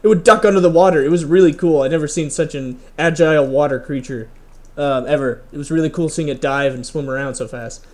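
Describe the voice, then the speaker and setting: A young man co-hosting a podcast, telling funny stories in a lively, casual way with lots of "um"s. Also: on the high side, quick pace. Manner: lively storyteller, many "um"s, laughs through stories. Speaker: podcast co-host. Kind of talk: casual chat.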